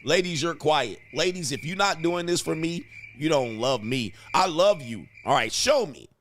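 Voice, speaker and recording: Laughing between comments, this male reaction-show host tears into the clips with crude street slang. He speaks at a moderate pace with a fairly high, bright voice and lively intonation, and there's slight background noise.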